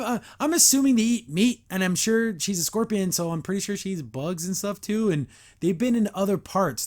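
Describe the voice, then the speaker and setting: Man, podcast host, casual review, animated and digressive, mock-exasperated, slightly high voice.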